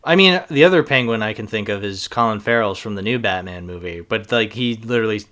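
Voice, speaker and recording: A man from Boston chatting casually about movies and cartoons, animated and laughing often. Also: fairly low pitch, quick pace. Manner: animated, laughs often, quotes lines in put-on voices. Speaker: podcast host. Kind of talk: casual chat. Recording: lawn mower hum in background.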